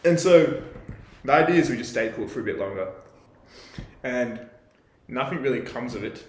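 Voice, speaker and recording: A young man with an Australian accent tells a story in a loose, rambling way, leaning on "like" and "you know". His voice sits at an ordinary middle pitch. The recording has a noticeable roomy echo. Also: expressive, normal speed, a little hiss or hum. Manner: rambling, laid-back, heavy on fillers like "like". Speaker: podcast co-host. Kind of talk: casual storytelling.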